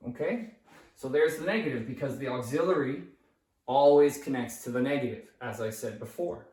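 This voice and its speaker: A man with a medium-pitched, slightly mellow voice teaches English grammar at a whiteboard, talking a little fast. Patient and repetitive, he repeats key phrases and keeps checking in with "okay?" The room is echoey, and he's far from the mic.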